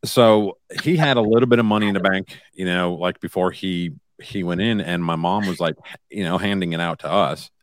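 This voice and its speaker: Man, very deep voice, dry close sound, rambling talk with fillers, calling in from home. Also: normal speed, dry recording. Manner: rambling, fillers, remote call-in. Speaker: podcast co-host. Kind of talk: casual chat. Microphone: remote home mic.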